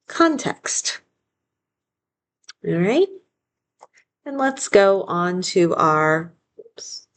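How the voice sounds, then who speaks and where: A woman leads a home phonics lesson at a slow, careful pace, breaking each word into syllables and spelling them out. Her voice sits a little low, and she stays patient, correcting her own slips with quick apologies. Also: creaky. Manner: patient, splits words into syllables aloud; self-correcting, apologetic asides. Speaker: teacher.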